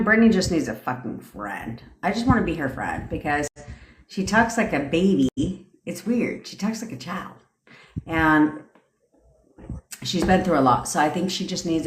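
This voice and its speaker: A woman's voice: low voice, a little hiss or hum. A woman coaching manifestation in a casual livestream chat, brash and profane, laughing often. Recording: echoey room.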